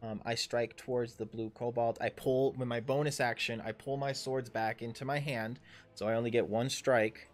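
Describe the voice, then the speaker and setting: A man in his thirties running a tabletop game as dungeon master, talking in a halting way with many fillers and restarts. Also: mid-range voice, steady tone. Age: 30s. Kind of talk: narrating a tabletop game livestream.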